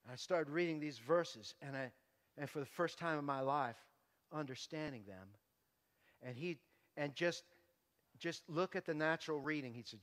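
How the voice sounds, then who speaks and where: High-voiced guy pastor preaching his testimony, goes soft then loud, echoey hall. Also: normal speed. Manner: passionate, swings from hushed to loud. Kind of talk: testimony sermon.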